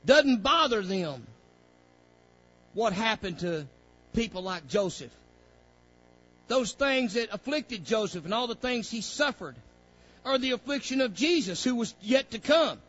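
A man's voice: very high-pitched, expressive, a little slow, pauses often, fairly bright tone, muffled recording, faint music behind. A man leading a Bible study lesson for young students, folksy and preacherly, often saying "praise God". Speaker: Bible teacher.

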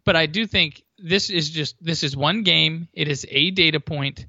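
Bright-voiced guy rambling on a sports podcast, dull dry lo-fi sound. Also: on the high side, normal speed, no room sound. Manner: chatty, rambling, restarts mid-sentence. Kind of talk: casual chat.

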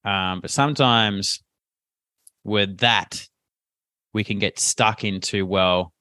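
A man, a coach talking casually as a podcast guest, animated and chatty with plenty of fillers. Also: on the low side, slow, no room sound, studio quality. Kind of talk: casual interview chat.

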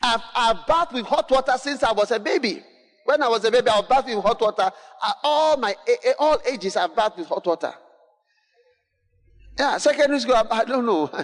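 A man preaching a sermon, emphatic and repetitive, often rising to shouts and calling to the congregation. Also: very high voice, expressive, fairly quick. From Ghana. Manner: emphatic, repetitive, building to shouts, call-and-response. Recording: long hall reverb.

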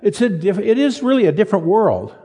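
A man in his seventies preaching a sermon in a folksy, halting way, repeating words as he tells stories. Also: sits high, sing-song, mellow, slightly rough. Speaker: pastor. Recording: long reverb of a large hall.

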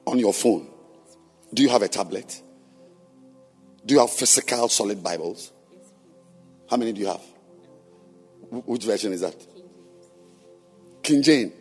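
A man preaching to church leaders, questioning members of the congregation and then shouting his points. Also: fairly low pitch, measured pace, pauses often, slightly rough, soft background music. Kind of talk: sermon. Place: church hall.

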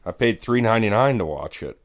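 A young man co-hosting a podcast, chatting in a wry, animated way with dry jokes. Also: fairly low pitch, fairly quick, a crowd in the background. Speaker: podcast co-host. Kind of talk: casual chat.

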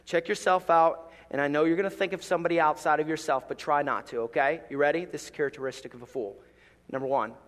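A middle-aged man, a pastor, preaching a sermon with animated storytelling and playful asides. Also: a little high, big-room sound.

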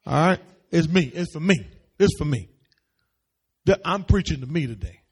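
A man preaching a sermon in church, animated, repeating phrases and building up to shouts. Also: on the high side, moderate pace, breathy edge. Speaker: pastor. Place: church service.

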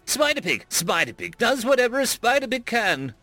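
A man voicing a deranged, mocking ancient ship AI that blurts odd catchphrases in a shrill singsong. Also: very animated, moderate pace, sharp tone, faint music behind, exaggerated voice. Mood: manic.

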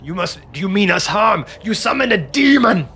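A man's voice: on the low side, fairly even intonation, takes it slowly, fairly bright tone, husky, heavily acted. A man voicing a huge, guarded giant chieftain confronting strangers in a tabletop game. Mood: alarmed.

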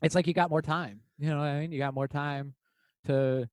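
A man chatting casually and telling animated, profane stories, talking in quick bursts. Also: on the high side, no room sound. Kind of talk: casual chat, storytelling.

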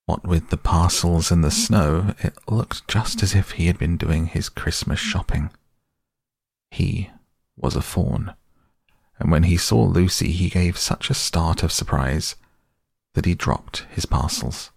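Deep, gravelly male storyteller. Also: a little mellow, no echo, studio quality. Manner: measured, storytelling delivery. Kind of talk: scripted audiobook narration.

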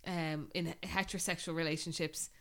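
Low-voiced Irish woman telling a story. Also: level tone, moderate pace. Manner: rambling storyteller, full of "like". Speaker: podcast host. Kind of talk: casual chat.

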